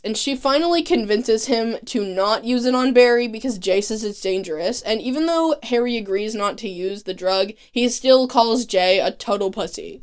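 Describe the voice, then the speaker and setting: A woman narrating a comedic TV recap in a profane, sarcastic, animated way. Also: fairly high pitch, clear, resonant tone. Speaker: TV recap vlogger.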